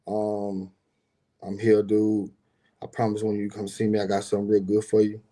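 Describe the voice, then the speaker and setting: A man's voice: lowish voice, monotone, normal speed, dark tone. A middle-aged man and business owner telling a personal story in a rambling, slangy way, swearing freely and talking straight to his viewers. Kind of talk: casual personal storytelling monologue.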